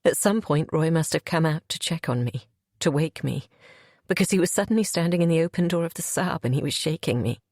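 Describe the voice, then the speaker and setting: A woman's voice: deep voice, lively intonation, fairly quick, a little mellow, dry recording. A woman reading a first-person audiobook in an emotional, confessional way, close to a studio mic. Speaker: audiobook narrator.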